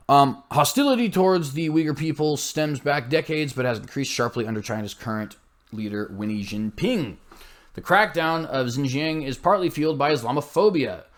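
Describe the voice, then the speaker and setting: A man hosting a commentary show, reading news aloud with blunt, scornful asides and frequent slips and self-corrections. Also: medium pitch.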